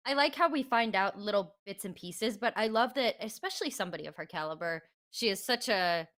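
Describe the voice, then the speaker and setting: A woman's voice: mid-range voice, lively intonation, a little fast, fairly bright tone. A woman co-hosting a casual celebrity news chat, upbeat and chatty, laughing often. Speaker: co-host.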